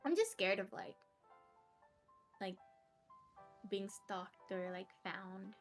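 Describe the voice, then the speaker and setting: A woman's voice: medium pitch, lively intonation, takes it slowly, faint music behind. A young woman streamer chatting casually as a podcast guest, laughing often. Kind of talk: casual interview chat.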